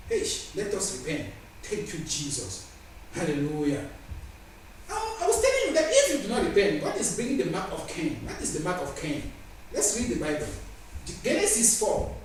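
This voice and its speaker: A man preaches in a high voice that swings widely up and down, emphatic and pleading, with short laughs between phrases. He sounds far from the mic in a very echoey room with faint noise behind him. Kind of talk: sermon with scripture reading.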